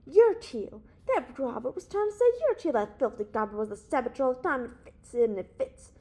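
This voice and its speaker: A woman reading the part of a small, hot-tempered male sidekick who shouts with passion. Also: on the high side, lively intonation, a little slow, pitched above the performer's own voice. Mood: furious.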